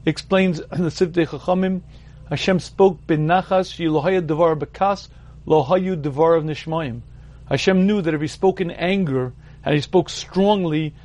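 A man delivering a Torah ethics class in a steady, explanatory way. His voice sits slightly high for a man, and he keeps clearing his throat between points. He repeats key words to press them home. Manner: explanatory, leans on repetition for emphasis. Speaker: Torah teacher.

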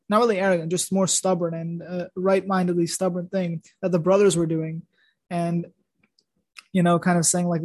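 High-voiced man retelling a Torah story. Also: darkish tone, no echo. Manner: rambling, many restarts and fillers. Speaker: podcast host.

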